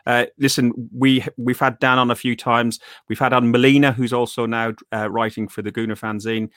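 A man's voice: medium pitch, level tone, moderate pace, fairly bright tone, dry recording, clean studio sound. A man hosting a casual football fan podcast, stammering and repeating words, laughing often. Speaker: podcast host.

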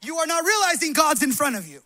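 A young adult male pastor preaching a loud, passionate, animated sermon to a congregation in a church hall. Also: very high voice, fast talker.

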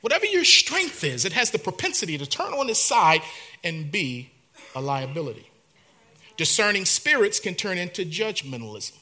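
A male pastor preaching a sermon, dramatic, dropping to a hush and then rising loud, in a church. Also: high-pitched, very animated, normal speed.

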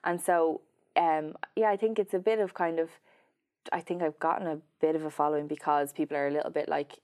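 A woman's voice: low-pitched, fairly even intonation, a little fast, a little mellow. A woman, a journalist chatting as a guest, talking with lots of fillers and restarts. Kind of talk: casual interview chat.

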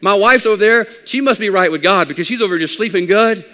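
A man with a high voice delivers a sermon with a conversational, joking manner, like a pastor talking straight to his congregation. His words trail off into a long hall reverb. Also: quick pace, sharp tone. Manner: conversational preaching with folksy humor.

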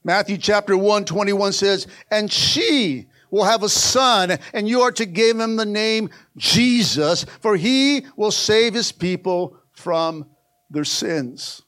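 A man's voice: sits high, slow pace, fairly bright tone. A male pastor preaching a sermon in a church, fervently urging the congregation to answer back with repeated calls. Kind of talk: sermon with call-and-response. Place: church sanctuary.

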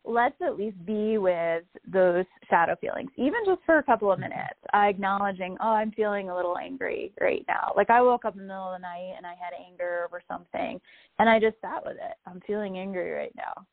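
Calm woman on a tinny call line. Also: mid-range voice, a little fast, creaky, no echo. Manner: calm, reflective, gently explanatory. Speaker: guest speaker. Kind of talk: spiritual wellness talk. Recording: tinny phone-line audio, dry.

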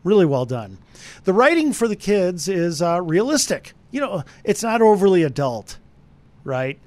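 Animated man reviewing a movie. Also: sits high, normal speed, no echo. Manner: animated, talks straight to listeners. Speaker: movie reviewer, radio co-host. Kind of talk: conversational radio movie review.

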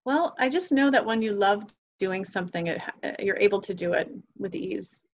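A woman's voice: mid-range voice, expressive, normal speed, muffled recording, a little hiss or hum. A woman guest on a podcast talking earnestly about parenting, acting out quoted conversations as she tells stories. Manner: earnest, enthusiastic, acts out quoted dialogue. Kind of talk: podcast interview, animated storytelling.

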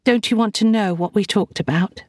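A woman voicing a lively, teasing young sister in an audiobook, eager and bubbly. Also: medium pitch, moderate pace, no room sound, clean studio sound, pitched above the performer's own voice, natural voice.

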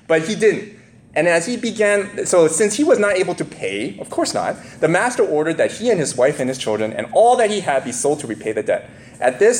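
A man preaching a sermon, telling a parable with lively asides and acted-out voices. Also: a little high. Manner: animated, lively storytelling with asides and laughs.

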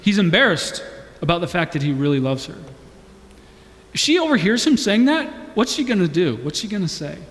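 A man with a high voice delivers a conversational sermon, often restarting his phrases and building to emphatic appeals. His voice rings out with a long reverb from a large hall. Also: very animated, fairly quick, a bit bright. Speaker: pastor.

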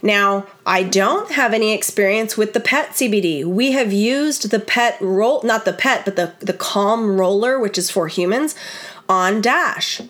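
A middle-aged woman hosts a podcast in a loose, chatty way. She talks to her listeners as friends, animated and full of casual asides. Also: mid-range voice, unhurried. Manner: chatty, animated, many "like" and "you guys". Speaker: podcast host. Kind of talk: casual chat.

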